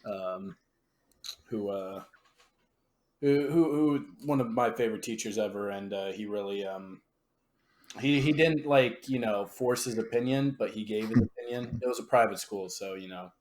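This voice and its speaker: Halting podcast co-host man. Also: on the low side, a little mellow. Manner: halting, many fillers and restarts. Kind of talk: casual storytelling chat.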